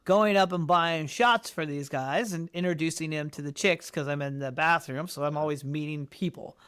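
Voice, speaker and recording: Animated high-voiced man telling a story. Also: normal speed, clean tone. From Colorado, United States. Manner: animated, acts out quotes with big pitch jumps. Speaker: podcast guest. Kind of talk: casual storytelling interview.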